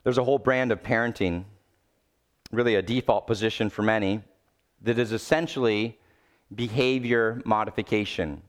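A male pastor preaching a sermon, swinging between loud urgent pleading and low, quiet emphasis. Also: steady tone, moderate pace.

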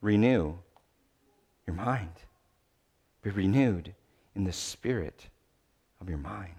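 A male pastor preaching a sermon, swinging between loud urgent pleading and low, quiet emphasis. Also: lively intonation, slow, breathy edge.

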